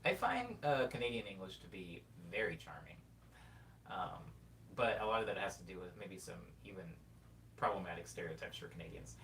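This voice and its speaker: A man's voice: sing-song, brisk, a bit bright. A man in his twenties hosting a live stream, reading chat messages aloud and reflecting in a rambling, casual way. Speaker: livestream host. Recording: distant mic with faint rumble.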